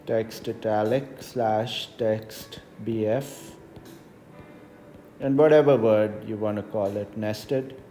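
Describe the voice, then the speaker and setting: A man teaching a screen-recorded coding tutorial, explaining each step slowly and checking in with the listener. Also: on the low side, fairly even intonation, dark tone, slight background noise. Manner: unhurried, explains step by step with frequent "right?" checks. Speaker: math teacher. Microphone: voice-over on tablet whiteboard recording.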